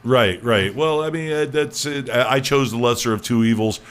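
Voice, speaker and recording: A man's voice: medium pitch, moderate pace. A man hosting a comedy podcast, stammering and repeating words as he jokes crudely with his guests. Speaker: podcast host. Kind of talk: loose comedic podcast banter.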